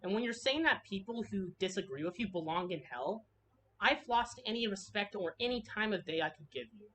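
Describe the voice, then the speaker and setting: A woman's voice: mid-range voice, lively intonation, a little fast, fairly bright tone, slight background noise. A woman delivering a harsh, heated commentary rant, swearing freely and restarting her sentences. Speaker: commentary video creator. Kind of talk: ranting commentary.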